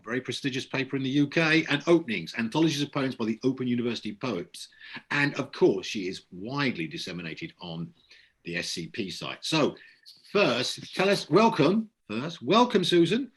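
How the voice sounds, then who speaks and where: A man's voice: a little high, animated, moderate pace, a bit bright, husky. A man from Kent, hosting a poetry reading and heaping effusive praise on the poets. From Kent, England. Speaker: host.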